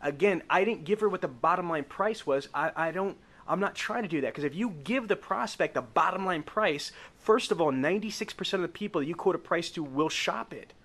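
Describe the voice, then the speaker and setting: Emphatic male sales trainer, slightly high voice. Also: animated, brisk, fairly bright tone. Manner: emphatic, coaching delivery that stretches key words; asks the group for agreement. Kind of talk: live sales training with role-play.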